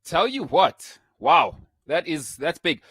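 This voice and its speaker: A man hosting a sports talk show, teasing his co-host in a playful, animated way. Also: fairly high pitch, slow pace, breathy edge, dry recording.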